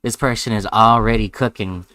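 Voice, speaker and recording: A man's voice: fairly low pitch, steady tone, normal speed, sharp tone, clear, resonant tone, no echo. A man streaming a live reaction, sarcastic and rambling, with heavy swearing.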